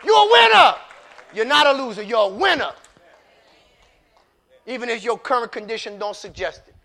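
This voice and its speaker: A man preaching a sermon in casual, repetitive speech that swings from quiet storytelling to shouting. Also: very high voice, sing-song, moderate pace, long pauses, some chatter behind. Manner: repetitive, casual street talk.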